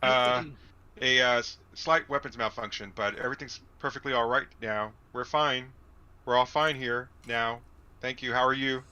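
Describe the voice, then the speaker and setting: A man's voice: mid-range voice, steady tone, normal speed, sharp tone, smooth, highs cut off. A man reading the part of a cocky young smuggler in a casual script read-through, stammering with many fillers. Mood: flustered bluffing.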